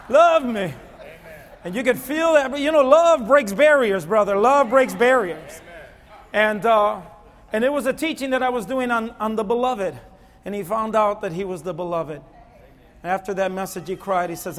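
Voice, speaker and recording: A man preaching a sermon with a lively delivery that swings from quiet, low stretches to loud, near-shouted pleading. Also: normal speed. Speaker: pastor. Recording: long hall reverb.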